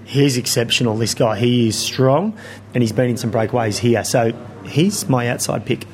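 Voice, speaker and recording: A man's voice: medium pitch, fairly even intonation, normal speed, slight background noise. A man with an Australian accent, chatting casually as a cycling pundit, enthusiastic and jokey. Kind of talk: casual chat.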